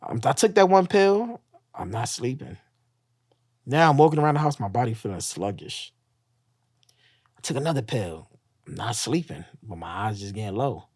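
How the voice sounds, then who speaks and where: A man's voice: mid-range voice, sing-song, moderate pace, pauses often, a little mellow, slightly rough, no echo, clean studio sound. A man casually telling a raw personal story, profane, acting out the voices he quotes. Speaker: guest telling his story.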